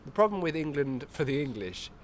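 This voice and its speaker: A man's voice: a little high, sing-song, brisk, slight background noise. A man in his twenties co-hosting a podcast, with wry, dry humour in casual chat. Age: 20s. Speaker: podcast co-host.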